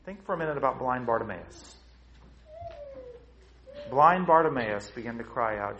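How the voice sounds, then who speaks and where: A man preaching a sermon to his congregation, swinging between loud, high emphasis and low, quiet stretches, and asking them rhetorical questions. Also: animated, moderate pace, pauses often, a little hiss or hum, poor audio. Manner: emphatic preaching with big swings in pitch and loudness. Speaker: pastor.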